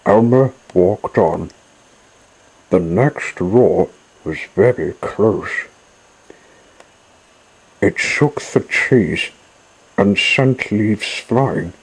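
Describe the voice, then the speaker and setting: A man narrating a children's picture book with a gentle, measured delivery. His voice is fairly low and husky, and he takes his time over every phrase. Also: animated, low-quality recording. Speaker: storyteller. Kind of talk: children's storybook reading.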